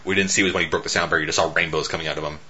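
A man's voice: rumbling low, fairly even intonation, rapid-fire, sharp tone, highs cut off, a little hiss or hum. A man casually riffing on a movie, jokey and profane, often laughing. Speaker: movie commentator.

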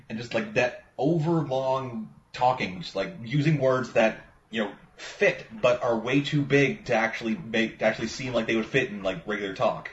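A man's voice: on the low side, animated, normal speed, slight background noise. Rambling, profane man in a roomy room. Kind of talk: casual movie chat. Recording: roomy, muffled recording with faint ambience.

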